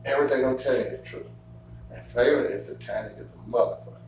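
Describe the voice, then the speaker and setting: A man hosting a casual chat, telling stories in a profane, animated way and getting loud at times. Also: medium pitch, fast talker. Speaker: show host. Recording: echoey room from far off, faint hum.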